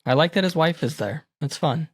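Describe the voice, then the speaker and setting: A man's voice: a little high, fairly quick, slightly rough, no room sound, clean studio sound. A man hosting a horror movie podcast, chatting casually and laughing easily. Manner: laughs easily, wraps up with listener plugs. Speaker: podcast host. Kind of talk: casual chat.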